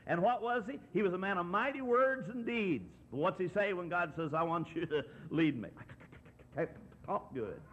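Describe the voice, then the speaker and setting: A man's voice: high-pitched, brisk, hardly any pauses, fairly bright tone. A man preaching a sermon in a storytelling way, acting out the voices in his Bible story. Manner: storytelling, acts out quoted voices. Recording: dull lo-fi tape recording.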